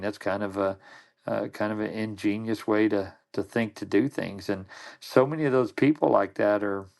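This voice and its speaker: A middle-aged man with a fairly low, gravelly, darkish voice appears as a podcast guest, telling old stories in relaxed conversation. His storytelling rambles, full of restarted sentences and repeated words.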